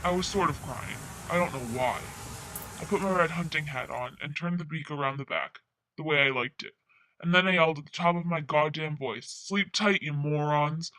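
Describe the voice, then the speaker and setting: A man's voice: fairly high pitch, moderate pace, bright, forceful tone, no room sound, rough recording. A young man narrating in voice-over as a restless, gloomy teenage boy, with a rambling, confessional manner and casual cursing.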